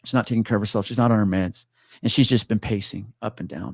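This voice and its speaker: A man's voice: on the low side, fairly even intonation, quick pace, creaky, no echo, studio quality. A man telling a story in casual chat, swearing freely and acting out the people in it. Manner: swears freely, acts out quoted voices.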